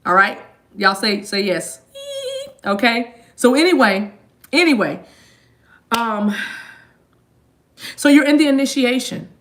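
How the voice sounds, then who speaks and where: Brief: woman, higher-pitched, spiritual reader talking to her viewers, animated and repetitive. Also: slow, pauses often. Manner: animated, repetitive, addresses audience as y'all. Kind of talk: live channeled reading to viewers.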